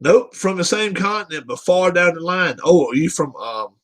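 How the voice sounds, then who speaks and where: A male host riffing through viewer comments on a casual live show. His voice sits a touch higher than most men's and swoops up and down with animated energy. He teases and laughs as he goes. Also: normal speed.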